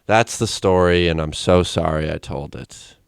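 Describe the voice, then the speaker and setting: Deep-voiced swearing podcast storyteller man. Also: a little slow, vocal fry, background noise. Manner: rambling storyteller, swears a lot, laughs often. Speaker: podcast co-host. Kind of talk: casual chat.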